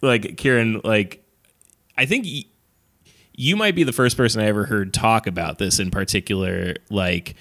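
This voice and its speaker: A man's voice: fairly low pitch, normal speed, fairly bright tone. A man hosting a podcast, asking questions casually with lots of fillers. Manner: filler-heavy questions, laughs easily. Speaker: podcast host.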